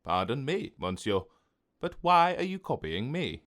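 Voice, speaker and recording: A man's voice: mid-range voice, very animated, a bit bright, pitched above the performer's own voice. A man voicing a lonely, sad cartoon character who repeats everything people say to him. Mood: mimicking. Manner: slow, mournful echoing.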